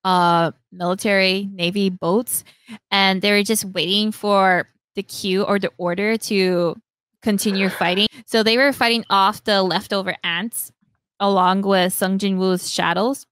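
A young woman hosting a podcast, animatedly retelling a story, acting out lines in quick voices and laughing often. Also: mid-range voice, fairly even intonation, a bit bright, smooth, dry recording. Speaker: podcast host. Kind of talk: casual chat retelling a story.

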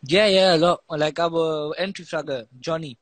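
A young man with a slangy British English accent, a pro esports player answering questions in a relaxed, halting way with many fillers on a live stream. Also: fairly high pitch, dry recording. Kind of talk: casual interview on a live stream.

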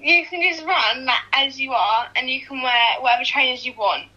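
High, bright woman on a muffled phone. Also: normal speed. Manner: teasing, bossy. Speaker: friend on a phone call.

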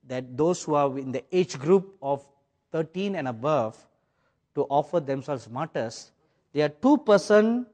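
A man from India delivers a sermon in English that carries a British-influenced accent. He tells his story dramatically, swinging from loud, ringing phrases to near-whispers. His voice sits a little high for a man. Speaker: preacher.

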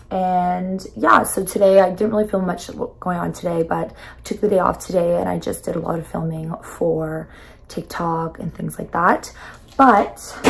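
A young woman in her twenties, hoarse and raspy from a weekend of yelling and singing, chatting casually and bubbly in a vlog filmed on a phone. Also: medium pitch, a little hiss or hum. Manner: bubbly, chatty, apologetic, with filler words. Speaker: vlogger. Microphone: phone camera.

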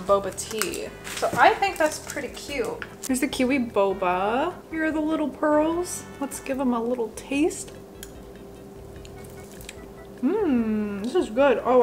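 A young woman in her twenties chatting her way through a home cooking vlog, rambling and self-deprecating, with lots of "like" fillers. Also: high-pitched. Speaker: cooking vlogger. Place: home kitchen.

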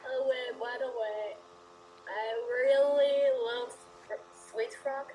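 Slow, high-voiced woman giving short reactions. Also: steady tone, darkish tone, slight background noise, low-quality recording.

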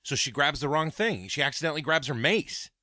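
Man, comic gossipy storyteller, lively ups and downs, bright voice, dry close sound. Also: a little high, brisk, dry recording. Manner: animated gossipy retelling. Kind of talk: comedic anecdote telling.

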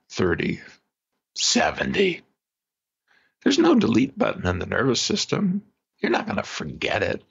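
A man, a psychologist guest on a podcast interview, explaining exercises in an animated way and demonstrating them aloud. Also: fairly low pitch, gravelly, breathy edge. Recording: dull lo-fi remote audio.

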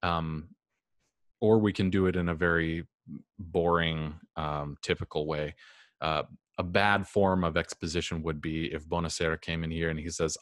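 A man's voice: deep voice, level tone, moderate pace, fairly bright tone, dry recording, clean studio sound. A man teaching a class in a casual, rambling way, with frequent ums and restarts. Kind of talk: classroom lecture.

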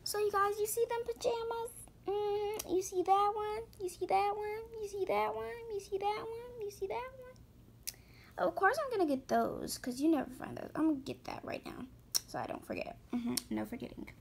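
A woman giving excitable, gushing commentary to her viewers while shopping in a game. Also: very high voice, normal speed, vocal fry, a little hiss or hum. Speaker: gaming vlogger.

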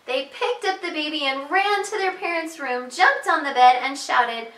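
A high, bright-voiced woman reads picture books to little children as their preschool teacher. She takes her time and sings the story with big rises and falls. The voice sounds off-mic, with an echoey room around it. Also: slight background noise. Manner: slow, sing-song storytelling with lots of pitch leaps. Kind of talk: reading picture books aloud to young children. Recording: echoey room, voice heard from a distance.

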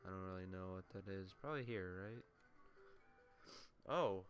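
A man's voice: sits low, moderate pace, long pauses, faint music behind. A young man casually commentating his video game play, swearing and mocking himself as he goes, with a runny nose. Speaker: let's play gamer.

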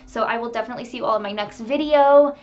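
A woman vlogger chatting to camera, telling animated stories with laughter. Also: a little high, very fast, dull audio. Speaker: beauty vlogger. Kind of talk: casual chat to camera.

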